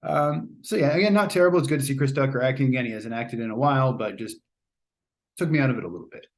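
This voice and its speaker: A man's voice: medium pitch, fast talker. A man hosting a casual spoken movie review, chatty and rambling, often hedging and restarting his sentences. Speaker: host.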